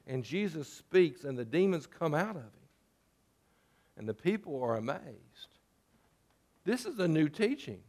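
A man's voice: on the high side, big pitch swings, measured pace, long pauses, a little mellow. A man preaching a sermon as pastor, talking conversationally and putting rhetorical questions to his listeners.

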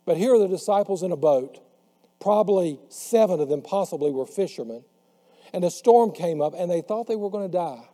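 A man preaching a sermon who slows down and drops his voice on the words he wants to stress. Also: high-pitched, animated, warm tone. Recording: long hall reverb.

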